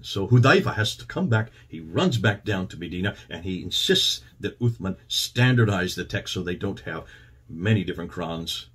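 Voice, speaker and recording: A man's voice: sits low, animated, normal speed, a bit bright, breathy edge. A man hosting and commenting on a played clip, explaining in detail and citing references. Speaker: host and commentator.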